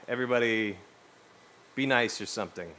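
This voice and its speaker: A man's voice: on the low side, unhurried, slight background noise. A young man livestreaming in casual chat, rambling and cursing freely as he talks to his viewers. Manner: rambling, animated, swears freely.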